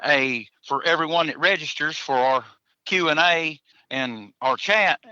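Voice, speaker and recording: A man's voice: on the high side, measured pace, bright, forceful tone, clear, resonant tone, no echo, dull audio. A man, a hunter chatting as a podcast guest in a folksy, joking way, chuckling between answers. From Tennessee, USA. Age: 40s. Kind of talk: casual podcast interview.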